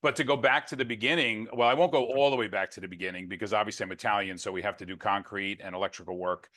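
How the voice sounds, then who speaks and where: A man's voice: fairly low pitch, quick pace, sharp tone. A man being interviewed on a podcast, telling stories about his career with wisecracking, self-deprecating humor. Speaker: guest, network marketer. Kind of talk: casual interview chat.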